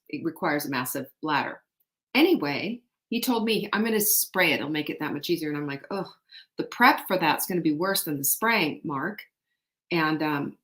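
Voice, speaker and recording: A woman's voice: fairly low pitch, a bit bright. A middle-aged woman hosting a live show, upbeat and emphatic, repeating phrases as she coaches her viewers, slightly out of breath after a workout. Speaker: show host and life coach. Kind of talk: live-stream chat and motivational talk.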